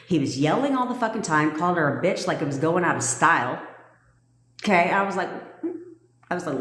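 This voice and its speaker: A woman's voice: lowish voice, lively intonation, fairly quick, a bit bright. A sassy, foul-mouthed woman, a manifestation coach, telling a personal story in a casual livestream and laughing as she goes. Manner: brash, profane and sassy. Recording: echoey room with long reverb.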